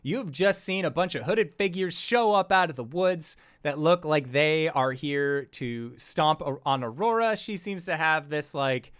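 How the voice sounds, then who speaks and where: A man's voice: on the high side, animated, unhurried, few pauses, fairly bright tone, clean tone. A man narrating as game master of a tabletop role-playing game, loose and full of fillers.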